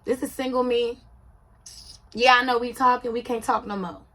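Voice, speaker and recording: Chatty, emphatic woman with a higher voice. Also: steady tone, normal speed, sharp tone. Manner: conversational, emphatic, often asks "you see what I'm saying". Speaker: reality TV commentator. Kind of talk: casual commentary vlog.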